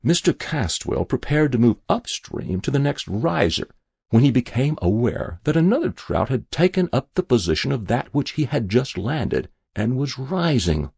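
A man reading a story aloud in a measured, expressive storytelling manner. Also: mid-range voice, vocal fry, slightly rough, no room sound, studio quality. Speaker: narrator.

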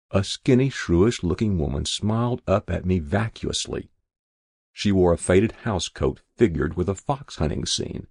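A man's voice: deep voice, animated, normal speed, creaky, a little mellow, breathy edge, no echo. A man reading a first-person story aloud in a wry, dry storytelling manner. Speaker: narrator. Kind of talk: audiobook narration.

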